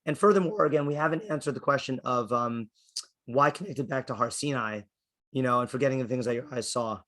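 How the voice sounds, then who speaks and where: A man's voice: medium pitch, fairly quick, a bit bright. A man, a rabbi, explaining a text to his class, often checking in with "okay?" and thinking aloud. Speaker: rabbi teaching a Torah class.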